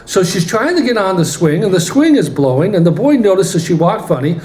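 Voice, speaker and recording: A man telling a story from the pulpit in an animated way in a church. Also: high voice, brisk, slight background noise. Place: church sanctuary. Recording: roomy church hall, faint ambience.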